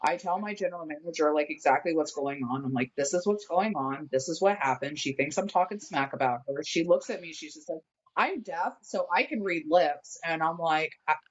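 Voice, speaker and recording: A woman with a lowish voice tells a long story in casual podcast chat. She is animated and acts out what people said. The sound is dull and lo-fi. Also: brisk. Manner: animated, acts out quotes while telling a story. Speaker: guest friend.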